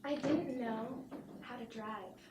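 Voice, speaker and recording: Heard from far off in an echoey, noisy theater, a young female comic delivers a parody motivational talk on stage, giggling as she goes. Her voice sits on the high side and she speaks slowly. Laughter from the audience fills the background.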